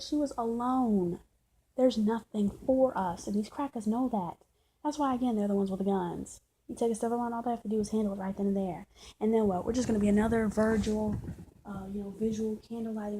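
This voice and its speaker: A woman's voice: fairly high pitch, dark tone, a little hiss or hum, rough recording. A woman ranting to camera, heated and preachy, with a lot of swearing and the same points said again and again. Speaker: vlogger. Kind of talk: impassioned rant to camera.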